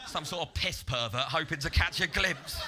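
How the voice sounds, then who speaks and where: A man doing a stand-up comedy set on a comedy club stage into a handheld mic, with deadpan setups that burst into loud, ranting act-outs. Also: fairly high pitch, normal speed, music in the background.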